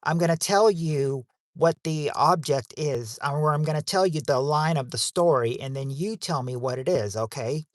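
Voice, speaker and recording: A man's voice: a little high, moderate pace, hardly any pauses, no echo, clean studio sound. A man hosting a family game night livestream, reading out survey answers with rambling jokes and crude wisecracks. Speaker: game show host.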